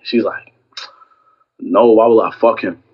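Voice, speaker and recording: A young man casually telling a story about a fight with a girlfriend, acting out both sides with lively quoted lines. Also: lowish voice, unhurried, breathy edge, dull audio. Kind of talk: casual chat.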